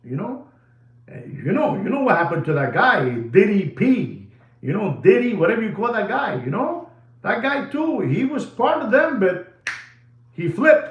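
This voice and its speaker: A man's voice: high-pitched, very animated, a little slow. A man hosting a watch channel, rambling and lecturing, repeating himself for emphasis. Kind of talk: rambling video monologue. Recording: echoey room.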